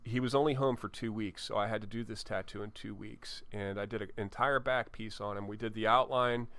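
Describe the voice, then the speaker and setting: A man's voice: lowish voice, fairly even intonation, brisk, a bit bright, no room sound. A tattoo artist telling candid, profane stories from his shop in an interview, often restarting his sentences. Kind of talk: storytelling in an interview. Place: tattoo studio.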